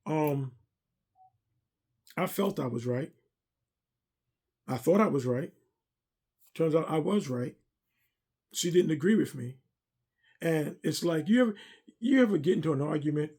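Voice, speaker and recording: A man's voice: on the high side, expressive, a little slow, long pauses, darkish tone, slightly rough. A middle-aged man speaking earnestly and a little preacherly as he gives a personal testimony about serving as a pastor's driver and armor bearer. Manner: earnest, preacherly, repeats himself.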